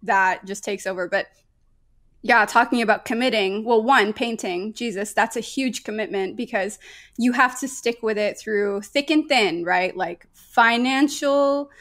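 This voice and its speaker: A young adult woman, a painter, is a guest in a casual podcast conversation, animated, laughing often and swearing freely. Her voice is a little high, and she speaks at a measured pace.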